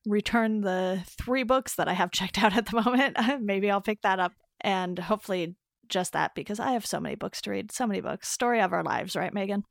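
A young woman co-hosting a podcast in casual chat, relaxed and agreeable, often laughing lightly as she talks. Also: mid-range voice, brisk, vocal fry, no echo, clean studio sound. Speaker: podcast co-host.

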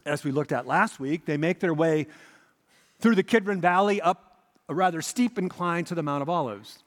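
A man's voice: a little high, normal speed, big-room sound. A man preaching a sermon as pastor, telling the story dramatically and repeating his key points.

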